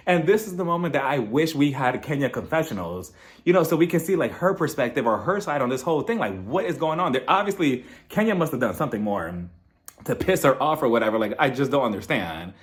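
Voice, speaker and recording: A man casually recapping a reality TV episode, gossipy and animated, acting out what the cast said. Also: mid-range voice, fast. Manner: animated, gossipy, acts out quotes in voices.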